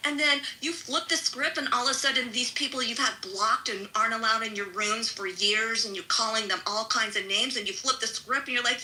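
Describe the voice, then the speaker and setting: A woman's voice: a little high, steady tone, brisk, hardly any pauses, pushed and bright, poor audio. A middle-aged woman in a live audio chat room, angrily calling someone out, swearing and mimicking others sarcastically.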